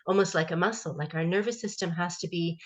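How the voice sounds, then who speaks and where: A woman's voice: on the low side, fast talker. A woman co-hosting a casual call, affirming and reflective as she responds. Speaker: co-host.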